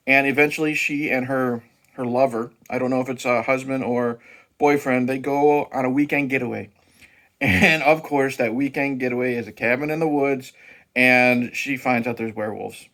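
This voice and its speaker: A man's voice: medium pitch, a bit bright. A man hosting his own movie review channel, talking casually and profanely with frequent restarts and fillers.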